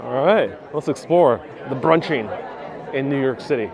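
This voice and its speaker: A man's voice: mid-range voice, moderate pace, highs cut off, crowd noise. A man hosting a live walking tour, chatting casually as he strolls outdoors on a city street with a clip-on mic. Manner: chatty, easygoing, talks while strolling and reads viewer comments. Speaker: walking-tour livestream host. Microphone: wireless clip-on mic.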